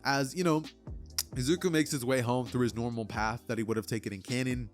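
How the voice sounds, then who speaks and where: A man's voice: mid-range voice, steady tone, fairly quick, faint music behind. A man casually narrating a fan what-if story, rambling with lots of fillers.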